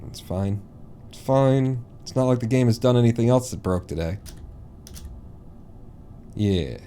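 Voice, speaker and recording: A male streamer commenting on his gameplay live in a loose, rambling way, talking to himself and breaking into loud swearing when the game goes wrong. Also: medium pitch, animated, unhurried, a little hiss or hum. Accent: East Coast American, put on.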